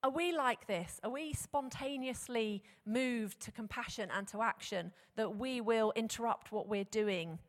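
A woman preaching a sermon, animated and conversational, often posing rhetorical questions to the congregation. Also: a little high, a little slow, hardly any pauses. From England. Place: church hall. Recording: long hall reverb.

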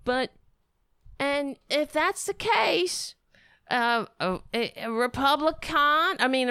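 A woman's voice: on the high side, a bit bright, clean tone, no room sound. A woman hosting a political commentary livestream, sarcastic and rambling, breaking into mocking impressions. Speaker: livestream host.

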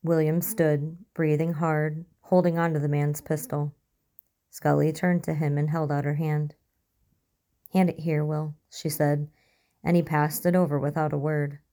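A woman narrating a story in an even, measured reading style. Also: sits low. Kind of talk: audiobook reading of fiction.

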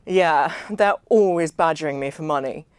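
A drunk, brash man holds court at the dinner table, loud and dismissive as he swears his way through the evening, as a woman narrator voices him. The voice sits higher and louder than her own reading tone, and the sound is dry and close. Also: moderate pace, clear, resonant tone, dry recording, natural voice.

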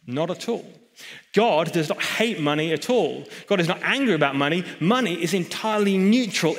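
A man preaching a sermon in a church hall, emphatic, with chatty asides to the congregation. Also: a little high. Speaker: pastor.

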